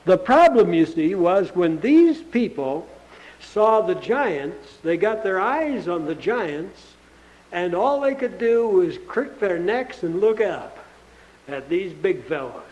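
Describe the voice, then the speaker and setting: A man with a notably high-pitched voice delivers a sermon as a pastor. He speaks earnestly and plainly, as if chatting with the congregation, and drops in rhetorical questions to keep them with him. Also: very animated, takes it slowly, darkish tone, lo-fi sound. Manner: conversational preaching with rhetorical questions.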